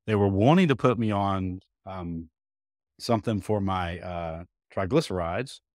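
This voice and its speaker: A man's voice: sits low, unhurried, a little mellow, dry recording, studio quality. A man in his fifties, a guest telling his story in a casual interview, folksy, acting out quoted dialogue as he goes. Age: 50s. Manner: folksy, repeats words while thinking.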